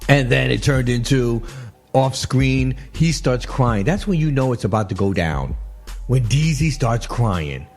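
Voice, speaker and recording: A male radio host talks through viral clips in a loose, chatty manner, laughing often and circling back on his words. His pitch swings widely as he reacts. Soft music plays low behind him. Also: a little slow. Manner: animated, laughing, repeats himself. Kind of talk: casual commentary on clips.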